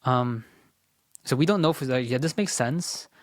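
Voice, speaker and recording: A young man tutoring test prep, working through a timed practice test out loud in a casual, rambling way, with lots of "like" and self-corrections, sometimes muttering as he reads. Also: medium pitch, normal speed, no room sound. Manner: mutters while reading questions under his breath.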